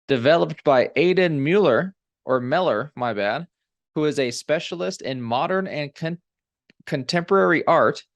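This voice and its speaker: A man's voice: medium pitch, dry recording. A man co-hosting a comedy podcast, reading a news item aloud with joking asides. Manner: laughs often, reads aloud with asides. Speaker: podcast co-host. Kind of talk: casual comedy chat, reading news story.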